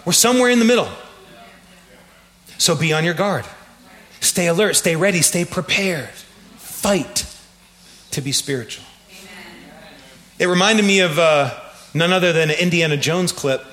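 A man preaching a sermon, telling stories in an animated way with laughs and shouts. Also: fairly high pitch, measured pace, long pauses. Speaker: pastor.

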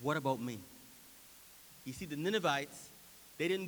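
A man preaching a sermon with a high, bright voice. He swings from hushed reflection to loud, emphatic preaching, and a long hall reverb trails his words. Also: normal speed, pauses often. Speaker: pastor.

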